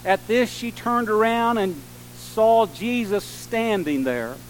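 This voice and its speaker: Earnest high-voiced male preacher, slow. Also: slight background noise, poor audio. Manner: earnest, preaching with swelling emphasis and soft, slow drops. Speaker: pastor. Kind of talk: sermon.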